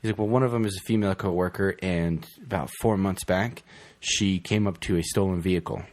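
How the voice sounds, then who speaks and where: A man's voice: low-pitched, a little fast, darkish tone. A man in casual chat, telling a story and swearing now and then. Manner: storytelling, profane.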